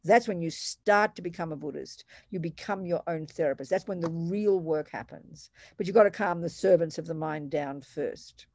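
A woman's voice: fairly low pitch, normal speed, hardly any pauses, a little mellow, no room sound. A woman teaching Buddhist practice in a Q&A over an online call, taking questions and acting out examples with quoted voices.

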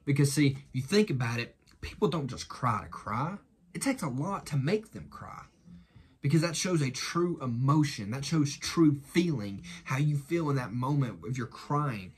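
A man's voice: mid-range voice, animated, normal speed, husky. A man giving an earnest devotional talk with a repetitive preaching rhythm that stacks up parallel phrases.

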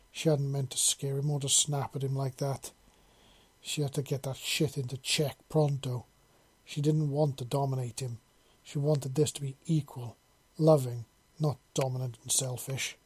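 A man narrating a fantasy story in a measured, unhurried way. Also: medium pitch, a little mellow, breathy edge.

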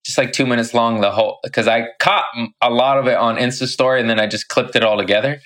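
A man's voice: mid-range voice, steady tone, quick pace, a bit bright. Profane storytelling comic, a young man. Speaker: podcast guest, stand-up comic. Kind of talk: casual storytelling.

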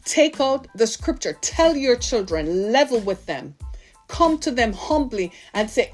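A woman's voice: on the high side, sing-song, measured pace, faint music behind. Impassioned woman preacher in her fifties. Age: 50s. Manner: impassioned, full of rhetorical questions to listeners. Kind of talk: sermon.

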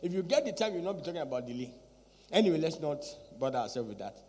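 A man with a high voice preaches a sermon, and his words ring out with a long echo, as if from a large hall. He repeats his lines for weight and keeps firing rhetorical questions at the congregation. His delivery stays emphatic and insistent. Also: big pitch swings, fast talker, a crowd in the background. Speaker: pastor.

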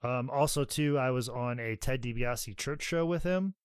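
A man's voice: medium pitch, moderate pace, clean tone, no room sound. Podcast co-host, male, loose rambling storyteller, swears freely, mimics others, dry recording. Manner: profane, rambling anecdotes with many "like"s; acts out others' voices while telling stories. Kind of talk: casual storytelling chat.

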